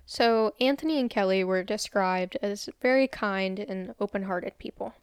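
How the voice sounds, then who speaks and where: A woman's voice: mid-range voice, moderate pace, smooth, no echo, clean studio sound. A young woman co-hosting a casual true crime podcast, walking through the case step by step with easy fillers. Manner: relaxed, tells the case step by step with filler words. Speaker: podcast co-host. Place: room with window open.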